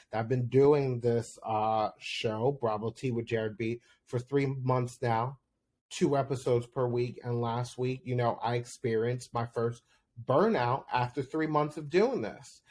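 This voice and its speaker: A man hosting his own podcast, recapping reality TV episodes in a chatty, candid way, with quick laughs and sudden jumps up in pitch. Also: darkish tone. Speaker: podcast host. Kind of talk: solo recap commentary.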